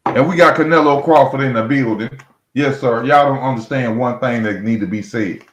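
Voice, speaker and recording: A man's voice: medium pitch, normal speed, a little hiss or hum. A man. He is blunt and mocking and hammers each point twice. The room sounds echoey and the audio a little muffled. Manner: blunt, mocking, repetitive, speaks straight to fighters. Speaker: boxing commentary host. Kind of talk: heated solo boxing rant.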